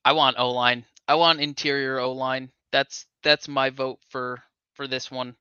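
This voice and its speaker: A man co-hosts a casual football draft chat in an easygoing, agreeable way. His voice is bright and crisp, and it comes through a dry, somewhat dull remote line. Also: medium pitch, level tone, unhurried, no room sound. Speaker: podcast co-host.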